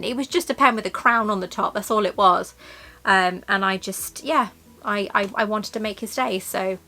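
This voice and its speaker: A woman vlogging in a chatty, storytelling way, full of asides about her shopping haul. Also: mid-range voice. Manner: chatty and warm-hearted, storytelling with many asides. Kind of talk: casual shopping haul chat.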